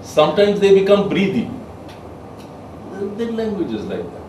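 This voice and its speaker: A man giving a soft skills lecture to a class, emphatic and quizzing his listeners. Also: high voice, very animated, moderate pace, a little hiss or hum. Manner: emphatic, asks the class questions. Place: training room with a class. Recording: echoey room, mic far off.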